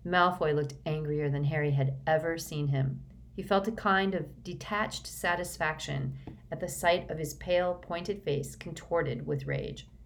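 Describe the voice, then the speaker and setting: Low-voiced woman reading a storybook. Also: measured pace, slight background noise. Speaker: audiobook reader. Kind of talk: storybook narration.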